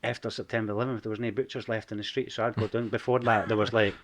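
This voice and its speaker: Scottish man, forties, Edinburgh accent, lowish, candid guest storyteller. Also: little pitch movement, fast. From Scotland. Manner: frank storytelling, swears freely. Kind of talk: casual podcast interview.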